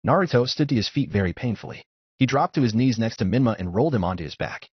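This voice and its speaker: A man narrating a fan fiction story in a steady, descriptive audiobook style, on a dull lo-fi recording. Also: mid-range voice, fast talker, slightly rough, no echo. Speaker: fanfiction narrator.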